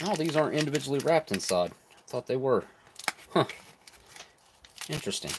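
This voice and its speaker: A man's voice: mid-range voice, normal speed, noisy background. A man reviewing old military rations on a live stream, chatting casually and eating as he talks. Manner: relaxed, chatty, talks while chewing. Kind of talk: live stream food tasting.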